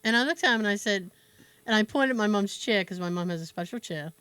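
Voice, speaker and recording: A woman's voice: medium pitch, quick pace, clear, resonant tone, dry recording. A woman podcast host telling a family story in casual chat, acting out quoted dialogue. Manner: animated storyteller who acts out quoted dialogue and laughs often.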